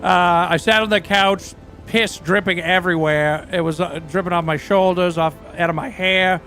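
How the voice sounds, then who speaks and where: A man playing a crude, boastful rock singer who rambles through profane, deadpan tall tales in a game roleplay. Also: sits high, moderate pace, soft background music. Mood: rambling, crude. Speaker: roleplay character.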